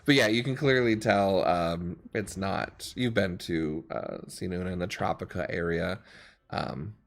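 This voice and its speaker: A man narrating as game master in a tabletop game, relaxed and laid-back, with frequent ums. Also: deep voice, a little slow, vocal fry. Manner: relaxed, many ums, laughs easily.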